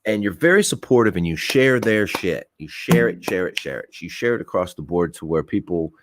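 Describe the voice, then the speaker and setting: A man's voice: low voice, lively intonation, brisk, slight background noise. A man hosting a casual livestream on a headset mic, rambling loosely, laughing often and swearing casually. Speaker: livestream host.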